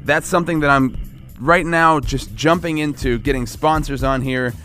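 A man's voice: mid-range voice, normal speed, bright, forceful tone, soft background music. Rambling Pennsylvania podcast host, man. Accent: central Pennsylvania. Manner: loose, rambling, joking delivery. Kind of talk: casual podcast chat and self-promotion. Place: small podcast studio.

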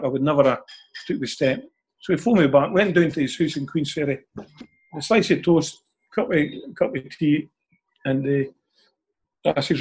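Husky older Scottish man telling stories. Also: on the high side, normal speed, pauses often, darkish tone. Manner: chatty, ends phrases with "eh?". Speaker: interview guest. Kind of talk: anecdotal storytelling.

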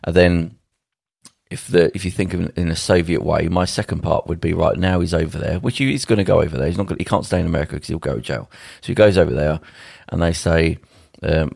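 A podcast co-host with a low, slightly mellow voice talks fast, with vocal fry and a breathy edge, joining from home over a video call on a home mic. He rambles emphatically and acts out what people might say, and the sound is clean studio quality with no room sound.

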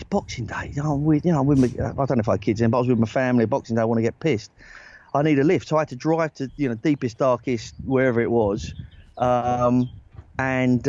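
A man telling animated anecdotes as a guest in a casual podcast interview, full of restarts and asides. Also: mid-range voice, dull audio, a little hiss or hum. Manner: animated anecdotes, rising excitedly, lots of restarts. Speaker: guest, former football agent.

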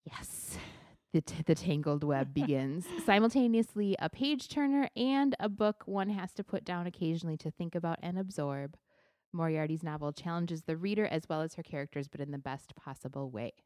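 A woman co-hosting a casual book club podcast, chatty and quick to laugh. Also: fairly low pitch, darkish tone, dry recording, clean studio sound. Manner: chatty, laughs easily, reads a synopsis aloud. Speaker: podcast co-host.

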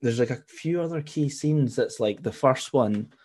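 A man's voice: medium pitch, normal speed, darkish tone. A man, a podcast guest in casual chat, laid-back and often trailing off.

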